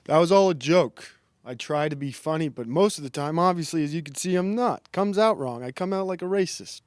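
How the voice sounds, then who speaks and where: A man's voice: a little high, lively intonation, fairly quick, darkish tone, no echo, clean studio sound. A young man rambling through a self-deprecating comedic livestream monologue and reading the chat. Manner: rambling, self-deprecating, frequent restarts and laughs. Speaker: streamer and comedian.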